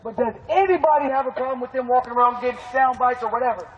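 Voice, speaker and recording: A man's voice: very high-pitched, fast. A man organizing a protest, addressing a crowd in a park in an emphatic, streetwise, profane way. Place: outdoors in a park. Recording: muffled street recording.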